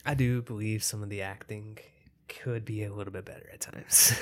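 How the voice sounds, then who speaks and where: A man's voice: on the low side, steady tone, normal speed. A man co-hosting a podcast in casual chat, talking loosely and hedging his points with fillers. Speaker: podcast co-host.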